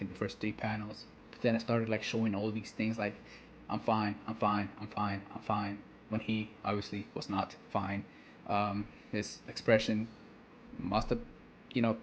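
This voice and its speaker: A man's voice: fairly low pitch, lo-fi sound, slight background noise. A man giving casual reaction commentary on a manga, rambling with slang, "you know" fillers and frequent restarts.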